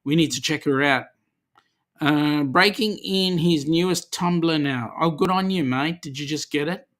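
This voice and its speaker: A man's voice: fairly high pitch, unhurried, fairly bright tone. An Australian man hosting a casual livestream, reading viewer comments aloud in a chatty, easygoing way with lots of ums. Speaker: livestream host.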